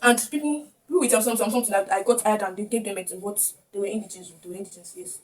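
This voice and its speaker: A woman's voice: mid-range voice, steady tone, racing, a little mellow. A young woman with a Nigerian accent telling a personal story to camera, emotional and often repeating her words. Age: young adult. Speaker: vlogger. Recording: distant mic with faint background noise.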